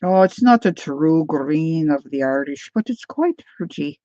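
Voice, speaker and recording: A woman's voice: low-pitched, animated, measured pace, warm tone, dry recording, lo-fi sound. A woman hosting a casual live crafting demo, chatting as she thinks aloud and answers viewer comments. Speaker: craft livestream host.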